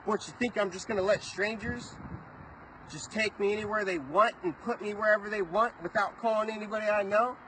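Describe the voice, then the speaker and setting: A man's voice: high-pitched, a little fast, noisy background. A man vlogging, agitated and rambling as he retells events to the camera, swearing often. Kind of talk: casual storytelling to camera.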